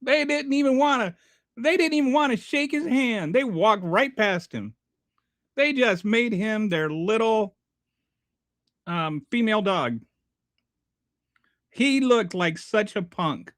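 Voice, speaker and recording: A man's voice: high voice, animated, takes it slowly, pauses often, fairly bright tone, no echo. A male host giving sarcastic, rambling political commentary on a livestream and reading chat. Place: home near a small Texas town.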